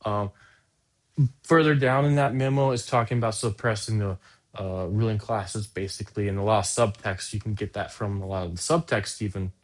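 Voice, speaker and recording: Guy hosting a podcast, sarcastic, rambles and cuts himself off a lot. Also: on the low side. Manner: sarcastic, rambling, self-interrupting. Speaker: podcast host. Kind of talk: casual podcast commentary.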